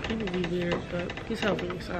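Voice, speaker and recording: A woman's voice: on the low side, steady tone, fairly quick, very noisy. Chatty young woman vlogging to her camera. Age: 20s. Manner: chatty, full of fillers, talks straight to viewers. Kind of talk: casual vlog chat to camera. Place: store, then her bedroom at home. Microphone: camera held or set up by herself.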